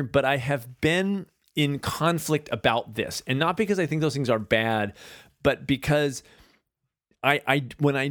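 A man's voice: medium pitch, dry recording. Man, podcast host, casual solo monologue, rambling and chatty, dry close sound. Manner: chatty, rambling, animated asides.

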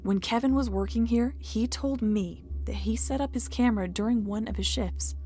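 A man's voice: high voice, normal speed, dark tone, soft background music. Woman voicing a teasing young male coworker.

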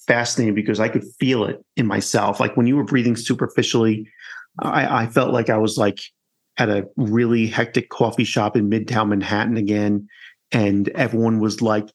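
A man from New York hosting a podcast, conversational and quick, with many fillers. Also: fairly low pitch, fairly even intonation, a little mellow. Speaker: podcast host. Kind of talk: podcast interview.

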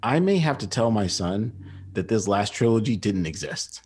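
A young man co-hosting a podcast, joking around in animated casual chat. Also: fairly low pitch, moderate pace, a little hiss or hum. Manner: animated, joking, laughs often. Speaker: podcast co-host.

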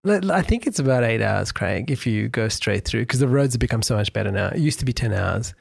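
A middle-aged man co-hosting a podcast, telling a story in animated, casual chat. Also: mid-range voice, fairly quick, vocal fry, breathy edge, no echo. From Australia. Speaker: podcast co-host.

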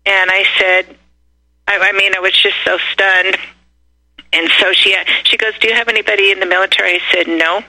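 An older woman, a radio guest calling in, telling personal stories in a blunt, animated way over a phone line. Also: mid-range voice, normal speed. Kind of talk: casual storytelling.

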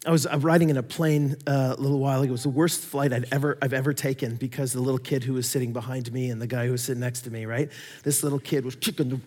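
A man preaching a sermon, telling stories with animated swings between loud emphasis and quiet asides. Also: medium pitch, quick pace, in a large hall. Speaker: pastor.

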